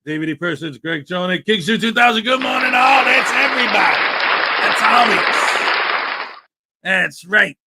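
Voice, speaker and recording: A man's voice: sits high, expressive, normal speed, over a noisy crowd, heavy background noise. A man hosting a morning livestream, greeting viewers by name in a chatty, upbeat way. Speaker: livestream host. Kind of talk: casual livestream chat.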